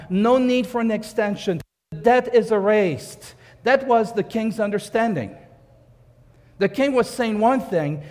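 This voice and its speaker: A man's voice: high-pitched, a little mellow, long reverb tail. A man preaching a sermon, emphatic, repeating key phrases and asking rhetorical questions. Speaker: pastor.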